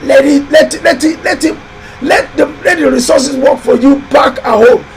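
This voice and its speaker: A man hosting a live building-advice show, talking in a loud, emphatic, exhorting way with lots of repetition. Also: very high voice, fairly even intonation, moderate pace, faint music behind, poor audio. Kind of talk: live-stream motivational talk.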